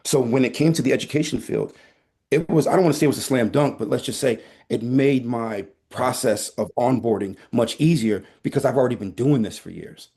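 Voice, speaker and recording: A man with a slightly husky, breathy voice speaks as a guest in a casual conversation. He tells stories animatedly, with a playful and candid edge. His pitch sits in a mid range for a man. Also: brisk, warm tone. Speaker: teaching artist guest.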